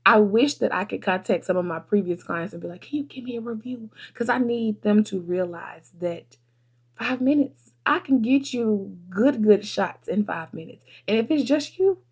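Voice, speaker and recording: A woman's voice: medium pitch, animated, moderate pace, slightly rough. A woman, chatting earnestly and heartfelt to her viewers at her desk. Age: 30s. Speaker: vlogger and photographer. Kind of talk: casual desk chat to camera.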